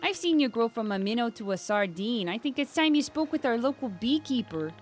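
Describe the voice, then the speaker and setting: An old seafaring fishing mentor, as a woman puts on the voice for a game playthrough. The voice sits high and swings widely, coaching in a slow, sing-song way. Faint game music plays underneath. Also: expressive, natural voice. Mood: instructive. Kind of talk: reading game dialogue aloud.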